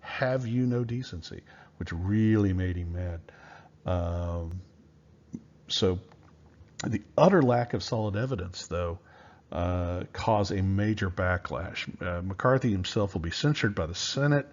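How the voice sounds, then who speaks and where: Low-voiced man giving a history lecture. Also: a little slow, lo-fi sound. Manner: conversational, loose, with many fillers and restarts. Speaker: history teacher.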